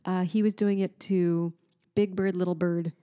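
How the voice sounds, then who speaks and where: A woman in her thirties co-hosting a casual chat, telling stories in an animated way and often trailing off to restart. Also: fairly low pitch, normal speed. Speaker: podcast co-host.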